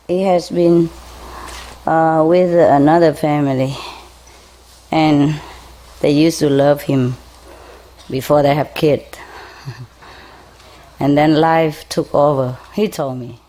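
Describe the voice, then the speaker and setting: Woman, unhurried, low voice, gentle coaxing tone, chuckles. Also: fairly even intonation. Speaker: spiritual teacher speaking to a group. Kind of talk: casual talk to an audience and a pet bird.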